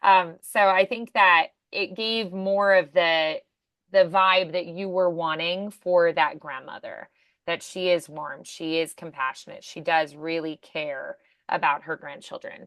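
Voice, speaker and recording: A woman's voice: sits low, fairly even intonation, unhurried, a bit bright, dry recording. A woman coaching voice acting in an upbeat, encouraging way, with many fillers. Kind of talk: casual coaching.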